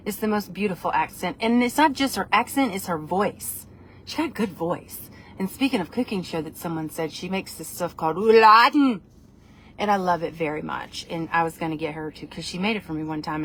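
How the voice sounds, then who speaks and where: A woman hosting a casual live video on her phone, talking in an excitable, rambling way. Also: on the low side, a little hiss or hum. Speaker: live-stream host. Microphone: phone camera.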